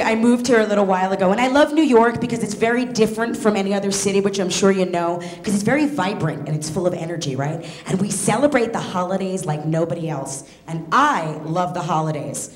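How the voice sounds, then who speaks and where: Brisk sarcastic woman comic. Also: medium pitch, soft background music. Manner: brisk, chatty delivery with sarcastic asides. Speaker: stand-up comic. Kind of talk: stand-up comedy set. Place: comedy club stage. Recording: echoey comedy club.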